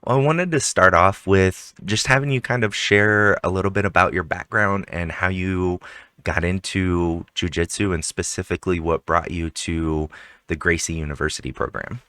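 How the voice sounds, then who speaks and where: A man hosts a casual interview podcast with a very low voice. His tone is bright and forceful, and the sound is close and dry. He keeps it upbeat, with easy chuckles. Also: fairly even intonation, normal speed, smooth, dry recording. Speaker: podcast host.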